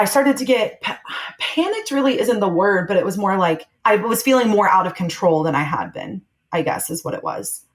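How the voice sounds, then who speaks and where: A woman's voice: on the low side, rough recording. A young adult woman talking candidly and reflectively, recounting her own experience as a podcast guest and acting out what people said. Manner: candid, reflective, acts out quoted voices with laughs. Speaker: guest sharing her birth story. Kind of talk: conversational storytelling.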